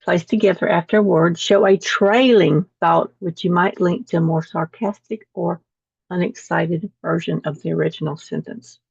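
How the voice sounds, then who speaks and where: A woman's voice: fairly low pitch, steady tone, normal speed, creaky, darkish tone, breathy edge, no echo. Woman teacher reading lesson text to a video call class, dull and dry audio. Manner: reads text aloud, repeating words after slips.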